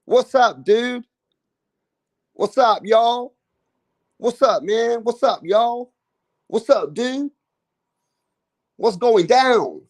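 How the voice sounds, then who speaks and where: A man's voice: very high voice, lively intonation, extremely slow, long pauses, voice pushed up, exaggerated voice. An Englishman mimicking a laid-back American man tossing off greetings in a put-on American accent. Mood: breezy.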